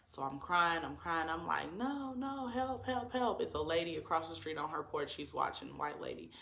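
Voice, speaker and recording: A man's voice: on the high side, steady tone, fairly quick, gravelly, bright, forceful tone, reverberant. A man telling a personal story to his viewers in an earnest, emotional way, full of likes and ums.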